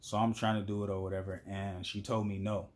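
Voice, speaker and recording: A man's voice: fairly low pitch, little pitch movement, fairly quick. A man telling a story in a casual, blunt and profane monologue as a vlogger.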